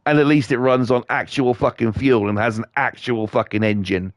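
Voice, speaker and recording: A British man ranting on a game stream, coarse, scornful and swearing freely. His voice sits at an ordinary middle pitch and the sound is dry and close. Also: steady tone, moderate pace, dry recording. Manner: profane, blunt, scornful. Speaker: livestreamer.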